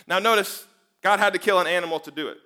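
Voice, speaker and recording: A man with a somewhat high, bright, forceful voice delivers a sermon. He speaks emphatically, asking the listeners question after question. He sinks to a quiet hush and then swells back to full strength. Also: fast. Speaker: preacher.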